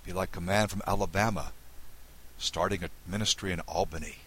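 A man from the Southern United States giving a recorded Bible lesson, explaining with lively emphasis. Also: low-pitched, a little fast, husky, rough recording. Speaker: Bible teacher.

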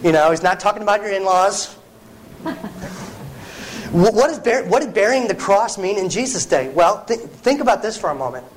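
A man's voice: high voice, lively intonation, normal speed, a little hiss or hum, low-quality recording. A man preaching a sermon in an earnest, conversational way, often restarting phrases and adding asides to the congregation.

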